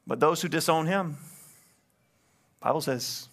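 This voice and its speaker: A man preaching as a pastor in a church, pleading and impassioned, swelling loud and then dropping low during an altar call. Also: unhurried. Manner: impassioned, rising to loud climaxes then hushed. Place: church sanctuary, livestreamed.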